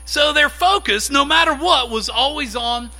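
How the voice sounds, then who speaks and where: A man preaching a sermon in a conversational, animated way, acting out little quotes as he teaches. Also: extremely high pitch, normal speed, rough recording. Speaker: pastor.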